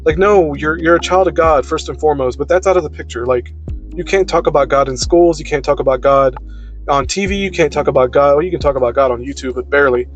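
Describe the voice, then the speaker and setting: Guy ranting straight to camera, kinda high voice, swears a lot, blunt and heated, faint music behind. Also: quick pace, lo-fi sound. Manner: blunt, profane, emphatic ranting. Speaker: video creator. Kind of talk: unscripted personal monologue.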